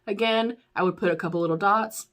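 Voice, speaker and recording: A woman's voice: mid-range voice, a little fast, fairly bright tone. A young woman chatting candidly through a makeup declutter, calling her viewers y'all and laughing often. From United States. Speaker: beauty YouTuber. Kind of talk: casual chatty product review.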